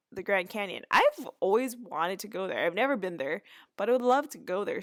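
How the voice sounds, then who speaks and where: A woman's voice: mid-range voice, dry recording, studio quality. A woman hosting a podcast, chattily recapping a TV episode with asides and restarts. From Canada. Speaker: podcast host.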